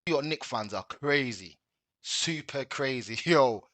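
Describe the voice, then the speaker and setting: A man's voice: medium pitch, animated, slow pace, a bit bright, no echo. A man hosting a slangy, rambling sports chat. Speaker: host. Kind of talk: casual chat.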